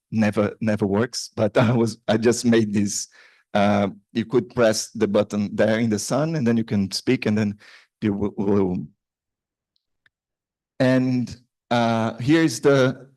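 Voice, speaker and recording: Man presenting research, halting, dry close sound, mid pitch. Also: darkish tone, no echo. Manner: hesitant, many restarts and fillers. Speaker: conference presenter. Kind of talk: academic paper presentation. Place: conference room.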